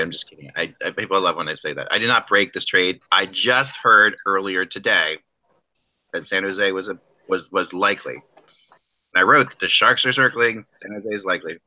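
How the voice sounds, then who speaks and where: Bright-voiced man hosting a hockey podcast. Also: deep voice, normal speed, rough recording. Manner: rambling, restarts often, joking. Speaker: podcast host. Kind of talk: casual hockey podcast chat.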